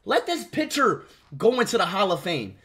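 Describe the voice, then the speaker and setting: Young male streamer, high animated voice, excitable and loud. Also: moderate pace, husky. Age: young adult. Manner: loud excitable streamer, yells and swings to hushed mumbling. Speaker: livestreamer. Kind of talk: livestream reaction chat.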